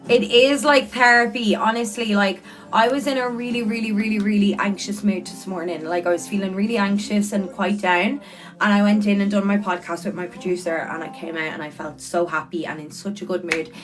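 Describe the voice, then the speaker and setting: A woman's voice: medium pitch, steady tone, fairly quick, faint music behind. A young woman, hosting a casual livestream and reading out viewer comments in a chatty, earnest way, repeating words for emphasis. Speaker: livestreamer and podcast host.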